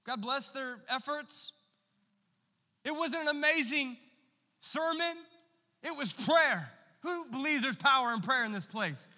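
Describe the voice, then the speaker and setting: A man's voice: extremely high pitch, lively intonation, unhurried, pushed and bright. A man in his thirties preaching a sermon in a church, impassioned and conversational, with casual asides to the congregation. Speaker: pastor. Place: large church hall. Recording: long church-hall reverb.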